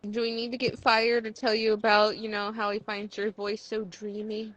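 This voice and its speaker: A woman bantering casually in a teasing, deadpan way. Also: mid-range voice, moderate pace, no echo, rough recording.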